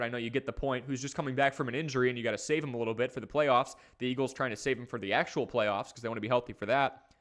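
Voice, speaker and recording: A man hosting a live fantasy football stream, talking casually and energetically while he reads from the chat. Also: medium pitch. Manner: energetic, conversational, talks fast in bursts. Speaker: fantasy football livestream host.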